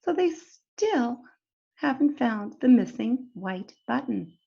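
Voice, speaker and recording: Expressive woman reading to children. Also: on the high side, slow pace, gravelly. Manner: expressive, talks to children directly. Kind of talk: storybook read-aloud for children. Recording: dull lo-fi recording.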